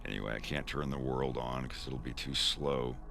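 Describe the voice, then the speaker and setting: A man's voice: a bass voice, fairly even intonation, normal speed, creaky, bright, forceful tone, faint music behind. A man casually explaining his animation on a stream, rambling with frequent restarts. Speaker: animator showing his work.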